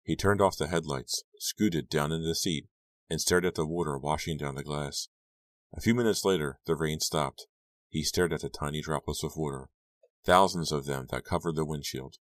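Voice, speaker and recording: A male narrator with an extremely deep voice reads a scripted audiobook in a measured, brooding manner. The recording is close and dry, with no room sound at all.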